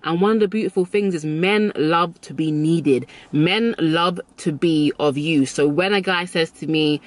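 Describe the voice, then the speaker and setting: A woman's voice: low voice, measured pace, hardly any pauses. Chatty woman giving advice. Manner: chatty, emphatic, repeats key phrases. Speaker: lifestyle advice vlogger. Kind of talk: casual advice talk to camera.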